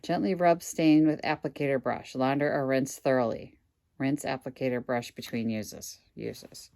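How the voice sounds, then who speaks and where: A woman's voice: very deep voice, steady tone, normal speed, creaky, darkish tone, no echo. A woman reselling goods online, casually thinking aloud at home with wry asides to her viewers. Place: indoors at home.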